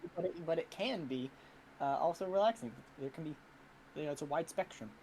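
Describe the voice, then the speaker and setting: A podcast co-host telling a story in a halting way, restarting often and trailing off. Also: mid-range voice, lively intonation, crowd noise, poor audio. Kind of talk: casual chat.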